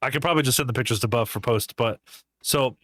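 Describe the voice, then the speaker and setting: A man's voice: mid-range voice, fast talker, no room sound. A man co-hosting a podcast in casual chat, telling crude jokes and stories and laughing often. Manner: crude joking, laughs often, animated storytelling. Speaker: podcast co-host.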